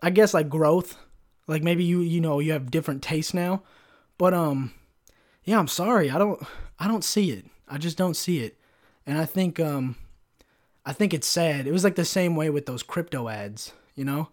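A man's voice: on the high side, moderate pace. A young man from Kentucky, hosting a solo podcast from his bedroom and ranting in a profane, rambling, heated way. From Kentucky, USA. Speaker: podcast host. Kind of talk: casual solo rant. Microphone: desk microphone.

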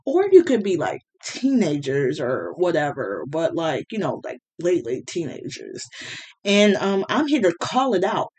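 A woman's voice: lowish voice, very animated, measured pace, a little mellow, breathy edge. Woman hosting a blunt, heated rant. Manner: blunt, heated ranting with swearing and fillers. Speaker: podcast host. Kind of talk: casual solo podcast monologue.

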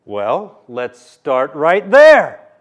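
A male pastor preaching a sermon in a church, slow and emphatic, repeating key phrases for the congregation. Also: on the high side, huge pitch swings.

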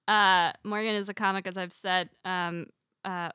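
A woman's voice: medium pitch, level tone, moderate pace, pushed and bright, smooth, dry recording, studio quality. A woman hosting a casual comedy podcast, giggly and a bit scattered. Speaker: podcast host. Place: studio.

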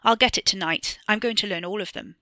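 A woman's voice: medium pitch, a little fast, sharp tone, dry recording, clean studio sound, lightly acted. A woman reading a short story aloud, voicing a scared but defiant ten-year-old boy who gives short, defensive answers.

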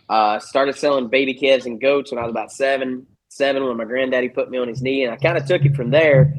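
A young man from Virginia speaks with a Southern drawl. He is a guest on a casual podcast and tells his stories in a loose, self-deprecating way. His voice sits at an everyday middle pitch, and he laughs easily between thoughts. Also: low-quality recording. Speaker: guest, auctioneer.

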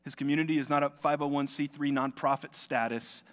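A man's voice: on the high side, steady tone, a little fast. A male pastor preaching a sermon in a church, in a conversational, storytelling way. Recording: long reverb of a large hall.

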